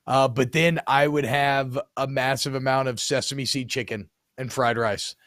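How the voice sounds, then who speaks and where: A young man co-hosting a podcast in easygoing, joking chat, dropping swear words freely. His voice sits at an ordinary middle pitch. The recording is close and dry, with no room echo. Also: steady tone, moderate pace, a bit bright. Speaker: podcast co-host. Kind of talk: casual chat.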